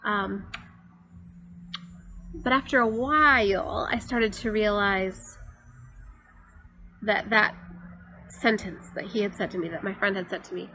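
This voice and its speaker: A woman speaks earnestly and confessionally in a personal faith talk for her church. Her voice is bright and a little tense, with a gravelly fry under it. She talks at a mid pitch, and a faint noise sits beneath her words. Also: slow, pauses often, low-quality recording. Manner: earnest and confessional, with frequent fillers.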